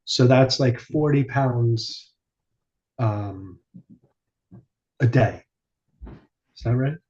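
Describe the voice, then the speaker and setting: Casual male podcast host, mid-pitched, rambling storyteller, lo-fi mic. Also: drawn-out words, a little mellow. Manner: rambling storyteller, swears casually, many fillers. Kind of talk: casual chat. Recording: dull lo-fi sound.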